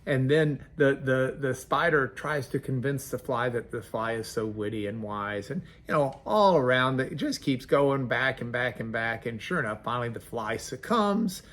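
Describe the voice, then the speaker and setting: Folksy pastor, conversational devotional, mid pitch. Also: male voice, lively intonation, normal speed, few pauses, a bit bright. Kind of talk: devotional sermon.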